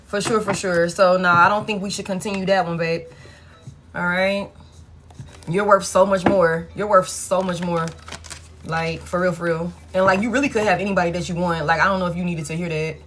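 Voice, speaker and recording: A woman's voice: lowish voice, fairly even intonation, fast talker, a bit bright, a little hiss or hum. A woman giving a casual live tarot reading, blunt and frank, swearing freely and repeating herself for emphasis. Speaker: tarot reader.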